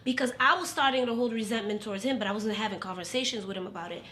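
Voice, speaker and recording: Bright-voiced woman telling a story. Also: a little high, racing, a little hiss or hum. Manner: animated, slangy, cusses freely. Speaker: podcast guest. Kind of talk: casual storytelling chat. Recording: roomy echo.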